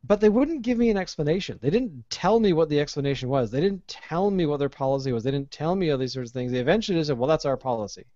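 A man, hosting a casual podcast chat and telling an animated, ranting story with plenty of swearing. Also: on the high side, fast talker, hardly any pauses, no echo. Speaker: podcast host. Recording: dull lo-fi podcast audio.

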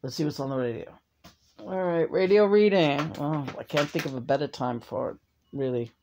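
A woman's voice: low-pitched, normal speed, darkish tone, slight background noise. A woman channeling the spirit of a dead man who rambles, hesitates and makes crude jokes. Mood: rambling.

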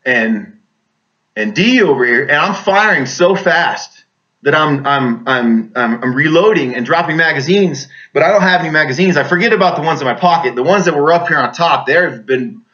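A man's voice: a little high, normal speed, pushed and bright, highs cut off. A man, an army veteran, telling a combat story in vivid, intense casual speech, often restarting his sentences.

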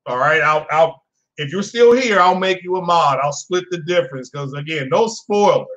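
A man's voice: a little high, animated, moderate pace, fairly bright tone, rough recording. A man hosting a casual live gaming podcast, talking loosely and rambling as he reads chat and news to his viewers. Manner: rambling, chatty, talks to chat viewers by name.

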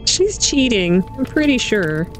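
A woman giving an excitable, panicky let's-play commentary, laughing and gasping as she plays. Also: on the high side, a little slow. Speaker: gaming channel host. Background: game music.

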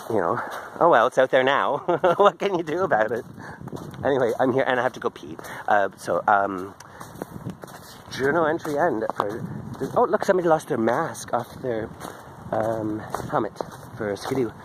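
A man's voice: mid-range voice, lively intonation, normal speed, noisy background. A man recording a candid, rambling video journal on a phone while walking outdoors, drifting off topic and laughing often. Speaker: video diarist. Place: outdoors on a daily walk in a park. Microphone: handheld phone.

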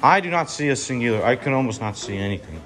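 A man giving excitable, rambling running commentary as he walks through a dim indoor attraction, filming on a handheld phone. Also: medium pitch, fast talker. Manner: excitable, rambling, self-correcting. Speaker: vlogger touring an attraction.

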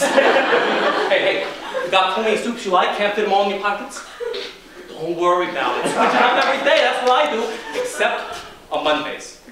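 A man playing a brash, self-assured inventor pitching a wacky product in a comic stage monologue, with punchy, cocky sales patter. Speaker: spoof talk presenter. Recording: very echoey, distant, noisy.

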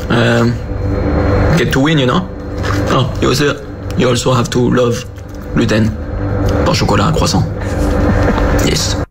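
A man from France in a casual social media clip, joking and halting with fillers. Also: medium pitch, over loud music. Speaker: social media video poster.

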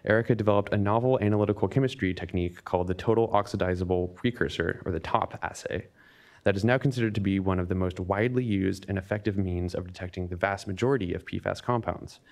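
A man with a low, gravelly voice hosts a public seminar. He reads safety notes and an introduction steadily from a script, with small slips and restarts along the way. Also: fast talker, darkish tone. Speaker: event host introducing a speaker. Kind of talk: reading announcements and an introduction.

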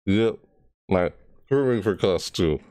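A man's voice: low-pitched, expressive, takes it slowly, a little mellow, dry recording, studio quality. A man casually reacting to a game trailer, rambling and correcting himself as he goes. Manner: rambling, self-correcting, breaks into shrieked character impressions. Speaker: gaming video creator.

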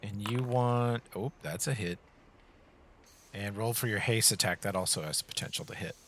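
A man's voice: on the low side, normal speed, fairly bright tone, slight background noise. A man running a tabletop game as game master, giving vivid descriptive narration and calling for dice rolls.

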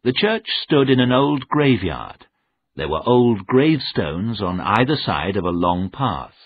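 A man reading a graded-reader novel aloud as scripted narration, in a measured, plain storytelling manner. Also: lowish voice, very animated, husky. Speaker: audiobook reader. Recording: narrow phone-like sound.

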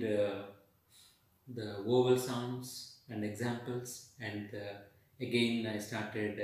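A man with an Indian English accent teaching English pronunciation, slowly repeating vowel sounds and example words in drills. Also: on the low side. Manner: slow, repeats each sound and word drills. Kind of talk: accent training lesson. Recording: echoey room, voice far from the mic.

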